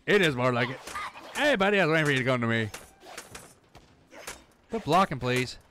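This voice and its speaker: A man's voice: medium pitch, lively intonation, a little fast. A man doing let's-play commentary, sarcastic and swearing, talking back at the game. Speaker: gamer playing through a game. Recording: noisy with clicking sounds.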